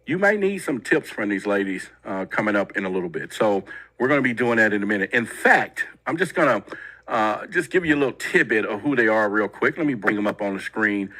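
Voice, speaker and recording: Male talk host with a very bright voice and a chatty, rambling delivery that keeps turning to the audience. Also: on the low side, lively intonation, a little fast, rough recording. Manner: chatty, repetitive, addresses audience directly. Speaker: show host. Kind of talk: casual talk show monologue.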